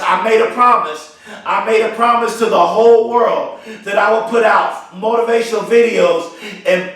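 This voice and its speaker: A man's voice: sits high, fairly bright tone. A man giving a motivational speech with an emphatic, fervent delivery, repeating phrases for stress. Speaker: motivational speaker. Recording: very echoey, mic far from speaker.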